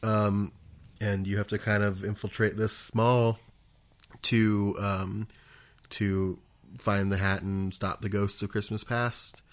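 Casual male podcast guest, lowish voice, halting delivery. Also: flat delivery. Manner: hesitant, many ums and restarts. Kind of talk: casual chat.

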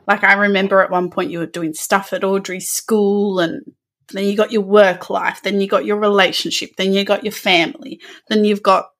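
A woman's voice: mid-range voice, little pitch movement, normal speed, a bit bright. Empathetic woman podcast host. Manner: empathetic, reflective, giggly. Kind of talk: casual interview chat.

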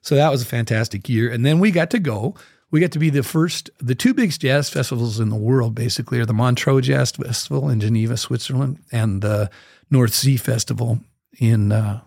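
A man guesting on an interview, telling a story with lively energy and scatting out the rhythms he describes. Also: mid-range voice, normal speed, vocal fry, no echo, studio quality. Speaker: guest musician.

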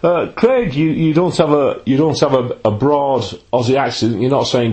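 A man's voice: medium pitch, normal speed, few pauses, darkish tone. A man hosting a podcast, interviewing a guest in a jokey, chatty way with fillers. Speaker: podcast host.

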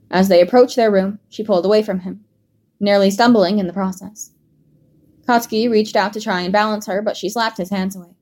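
A woman narrating a fan fiction story in a steady, measured read. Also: mid-range voice. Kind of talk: scripted narration.

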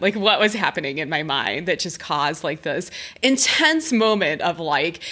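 A woman's voice: mid-range voice, sharp tone. A young adult woman hosting a podcast, telling a personal story in a chatty way, laughing often and filling her talk with "like". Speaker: podcast host and breathwork facilitator. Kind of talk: casual storytelling monologue.

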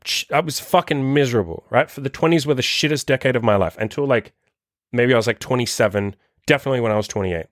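A man's voice: mid-range voice, fast, dry recording, studio quality. A man in his thirties hosting a dating-coach podcast, giving a blunt, profane motivational rant. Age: 30s. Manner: profane, forceful, rambling.

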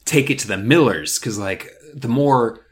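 A man co-hosting a podcast, thinking out loud in a rambling way full of "like" and self-corrections. He pokes fun at himself as he talks, in a mid-pitched, everyday voice. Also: animated, measured pace. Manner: rambling, lots of "like" and restarts, self-deprecating. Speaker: podcast co-host. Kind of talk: casual podcast discussion.

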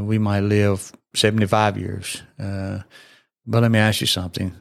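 A man preaches earnestly in a podcast, his voice low, gravelly and fairly flat. He talks in a folksy, repetitive way, full of fillers. The sound is dry and close. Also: dry recording. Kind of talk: sermon-style podcast talk.

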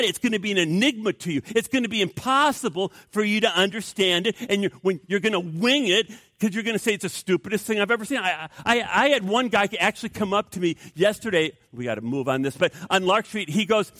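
A man preaching an energetic sermon as a pastor, stammering restarts and acting out the people he quotes. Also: sits high, dry recording, studio quality. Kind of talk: animated sermon.

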